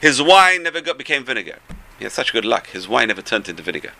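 A man giving a storytelling Torah talk, animated, swinging between loud bursts and soft asides, with a gravelly voice. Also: mid-range voice, quick pace, slight background noise.

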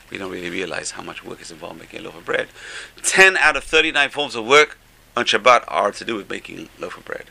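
Male rabbi, Torah class lecture, gravelly texture, bright cutting tone, animated swings from quiet asides to loud emphasis. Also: on the low side, fast talker.

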